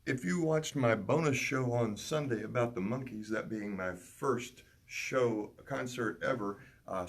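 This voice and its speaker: A man's voice: mid-range voice, creaky. A man in his sixties from Tennessee, telling a rambling story as a vlog host, with many fillers and restarts. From Tennessee, USA. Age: 60s. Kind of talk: casual storytelling.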